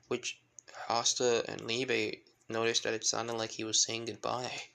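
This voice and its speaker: A man's voice: mid-range voice, little pitch movement, measured pace, vocal fry, bright, forceful tone. A man casually retelling a fan-made story in a rambling way, full of filler phrases.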